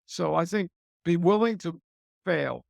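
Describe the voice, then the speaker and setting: An older man, a TV host and author, is interviewed as a guest about his career, chatting casually and repeating phrases for emphasis. His voice is high-pitched, gravelly and unhurried, with no echo.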